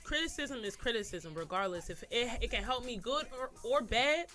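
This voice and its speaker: A woman's voice: a little high, lively intonation, moderate pace, bright, forceful tone. A woman guest, a music artist, chatting casually and repeating herself for emphasis. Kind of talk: casual chat.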